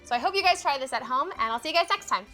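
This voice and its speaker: A woman's voice: sits high, lively intonation, rapid-fire, over music. A woman hosting a cooking show, chatting playfully through a casual baking demonstration and filling her speech with fillers.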